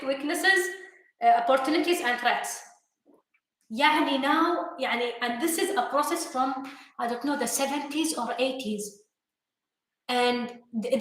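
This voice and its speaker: A woman's voice: high-pitched, fairly bright tone. A woman co-hosting a live motivational talk, speaking English with an Arabic accent and hammering her points home with repeated questions. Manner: emphatic, repeats questions for stress. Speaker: co-host, coach. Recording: very echoey room.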